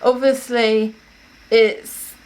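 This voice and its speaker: A woman's voice: a little high, flat delivery, drawn-out words, darkish tone. A young woman, casually telling stories to camera at home in a rambling, self-correcting way. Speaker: vlogger.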